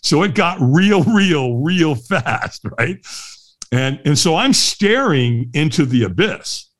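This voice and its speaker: A middle-aged man spins a story as an interview guest. His fairly high voice rises and falls a great deal. He laughs often along the way. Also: takes it slowly. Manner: lively, laughs often, acts out the voices of others. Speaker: guest, firewalk instructor. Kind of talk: animated storytelling in a podcast interview.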